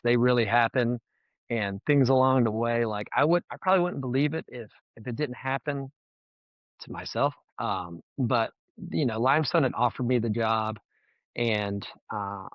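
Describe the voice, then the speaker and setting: A man's voice: mid-range voice, no room sound, lo-fi sound. A man, a former college baseball head coach, telling stories in a podcast interview in an earnest, emotional way, often repeating words as he goes.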